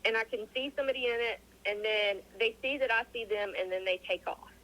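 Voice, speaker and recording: A woman's voice: on the high side, brisk, rough recording. Woman telling a story over a call. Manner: animated, acts out quoted dialogue, frequent restarts. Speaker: interview guest. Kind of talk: casual storytelling.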